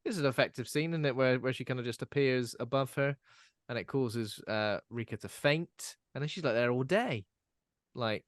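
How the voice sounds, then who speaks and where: A man hosts a casual film-discussion podcast, walking through the plot step by step and breaking into jokes along the way. His voice sits at an ordinary middle pitch. The recording is close and dry, with no room sound. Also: normal speed, no room sound. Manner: recaps the plot in order, joking and laughing. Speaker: podcast host.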